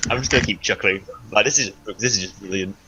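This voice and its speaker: A man's voice: lowish voice, fast talker, lo-fi sound, noisy background. A man playing a tabletop role-playing game, slipping into theatrical in-character lines. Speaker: player.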